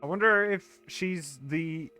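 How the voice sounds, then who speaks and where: A man's voice: on the high side, slow pace, pushed and bright, faint music behind. A man giving casual let's play commentary, musing aloud in rambling asides with restarts.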